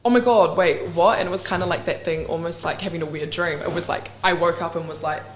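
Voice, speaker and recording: Animated New Zealand woman, roomy echo. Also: lowish voice, quick pace, slight background noise. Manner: animated, laughs often, acts out quoted exchanges, many "like" fillers. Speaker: podcast guest, rock band singer. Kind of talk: casual podcast chat. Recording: roomy echo with faint ambience.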